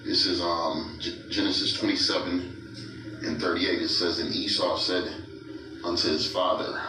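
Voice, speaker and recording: A man preaching from scripture, reading verses aloud and mocking his targets with chuckles and a steady "right?". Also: low-pitched, normal speed, noisy background. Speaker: street preacher. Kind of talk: scripture-reading sermon commentary. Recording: echoey room, mic far off, music behind.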